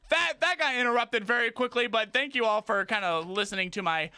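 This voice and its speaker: Bright-voiced male gaming streamer. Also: clean tone, no echo, studio quality. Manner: rambling, halting talk with many restarts; breaks into high startled yelps at the game. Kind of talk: casual livestream gaming chat.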